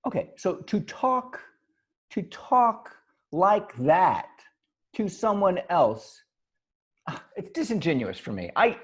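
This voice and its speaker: A man co-hosting a loose podcast conversation over a video call. His voice sits a bit high and swings widely in pitch, with a husky edge. He laughs easily and trips over his words as he thinks aloud. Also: slow pace. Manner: animated, laughs often, stumbles and restarts. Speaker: podcast co-host. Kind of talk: casual improv chat over video call. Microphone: video call mic.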